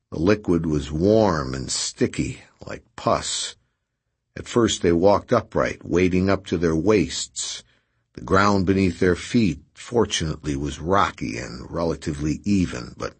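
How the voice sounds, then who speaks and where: A man reading an audiobook aloud in a steady, measured scripted narration. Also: low-pitched, slightly rough.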